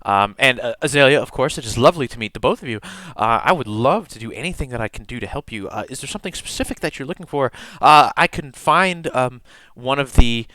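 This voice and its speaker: A man's voice: medium pitch, expressive, fast, few pauses, sharp tone, no echo. A man voicing a nervous young male elf student working a front desk, stammering and eager to please. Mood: flustered.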